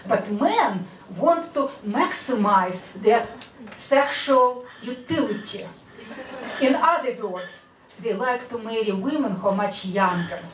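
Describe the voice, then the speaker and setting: A woman with a Russian accent doing a stand-up set on a comedy club stage, with a dry, measured delivery. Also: on the high side, expressive, far from the mic, a little hiss or hum. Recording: echoey club, mic heard from afar.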